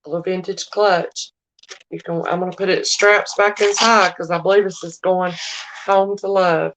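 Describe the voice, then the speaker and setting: A woman's voice: fairly low pitch, level tone, normal speed, fairly bright tone. A woman with a Southern drawl, chatting casually as she runs a live-stream auction and talks straight to her viewers. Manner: chatty, addresses viewers as y'all and darling.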